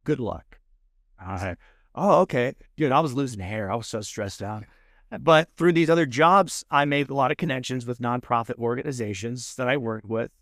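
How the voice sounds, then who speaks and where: A man in his thirties with a Texan accent, a podcast guest telling his story in a casual, animated way and acting out the people he quotes. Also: medium pitch, normal speed, no room sound, studio quality. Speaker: podcast guest, food show host. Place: podcast studio.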